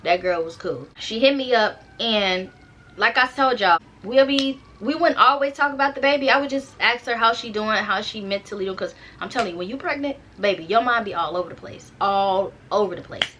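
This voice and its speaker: A woman's voice: mid-range voice, brisk, sharp tone, lo-fi sound, a little hiss or hum. A young woman casually telling a personal story straight to her viewers, chatty and slangy, often turning to the audience to check they follow. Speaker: storytime vlogger.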